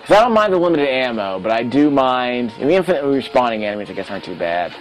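A man's voice: mid-range voice, sing-song, rapid-fire, low-quality recording. A man giving casual, self-critical commentary as he plays a retro game, talking to himself. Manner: chatty, self-critical, talks to himself while playing. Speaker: let's play host.

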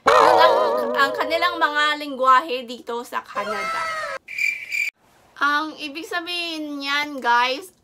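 A woman's voice: high voice, takes it slowly, very noisy. A woman from the Philippines chatting casually in a vlog, switching between Tagalog and English. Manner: mixes Tagalog and English, upbeat greetings. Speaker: vlogger. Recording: loud background music.

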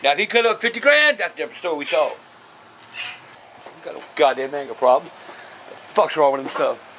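Foul-mouthed middle-aged man, bright high voice. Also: expressive, brisk, slight background noise. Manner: foul-mouthed, blunt, bursts into shouted curses. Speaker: father answering viewer questions. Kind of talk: profane casual Q&A.

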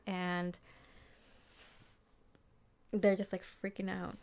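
A young woman talks through a tarot reading in a loose, chatty way, filling her speech with "like" and "you know" and slipping into quick quoted voices. Her voice is smooth and clear, sitting at an ordinary middle pitch. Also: steady tone. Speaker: tarot reader. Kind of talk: casual spoken tarot reading.

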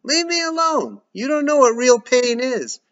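A man's voice: big pitch swings, unhurried, noisy background, exaggerated voice. A man voicing a sulky teenage boy who pleads and protests. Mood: defensive. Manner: high, pleading. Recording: dull lo-fi recording.

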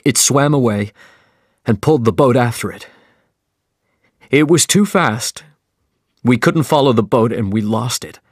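A man's voice: medium pitch, lively intonation, unhurried, pauses often, husky, dry recording, clean studio sound. A man doing a grieving ship captain. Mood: urgent, grim. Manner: telling a tale, urgent.

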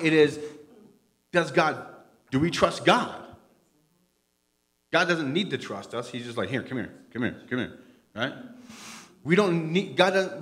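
Animated joking man preaching. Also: a little high. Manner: animated, joking, swings from loud to hushed. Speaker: pastor. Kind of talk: conversational sermon. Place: church sanctuary.

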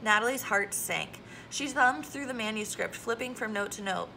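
Woman reading a kids novel out loud, steady, kinda raspy-gravelly, bright tone. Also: a little high, moderate pace, a little hiss or hum, low-quality recording. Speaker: audiobook reader. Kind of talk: reading a children's novel aloud.

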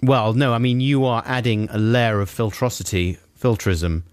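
A man's voice: mid-range voice, steady tone, normal speed, clean tone, no echo. A man co-hosting a radio show, joking around and introducing songs in a bouncy, laughing manner. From England. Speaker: radio co-host. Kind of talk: casual radio banter, introducing music. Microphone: studio microphone.

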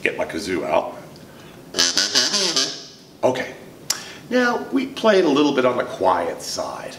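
A man's voice: sits low, wildly swooping pitch, takes it slowly, slight background noise. A man leading a children's music lesson, telling a playful story and calling out to the kids. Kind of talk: sing-along lesson for kids. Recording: roomy, distant mic with guitar.

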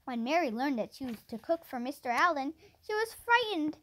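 A woman with a high, lively voice reads a children's chapter book aloud at a plain, unhurried pace. Her pitch moves up and down a great deal, and now and then she trips on a word, restarts and carries on.

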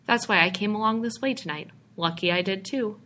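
A woman's voice: mid-range voice, brisk, bright, forceful tone, a little hiss or hum, pitched above the performer's own voice, close to an everyday voice, rough recording. A woman reading aloud, voicing a little middle-aged male stranger who is a patient, coaxing brush peddler.

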